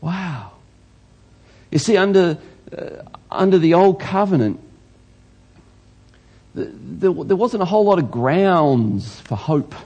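Aussie pastor guy preaching, husky voice, a bit high, gets loud and fired up. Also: takes it slowly, pauses often, dull audio. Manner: animated, rising to loud exclamations. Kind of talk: sermon.

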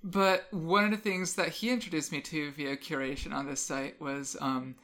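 Teasing woman with a bright voice. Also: low voice, steady tone. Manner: quick, teasing, frank. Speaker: podcast co-host. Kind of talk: casual chat.

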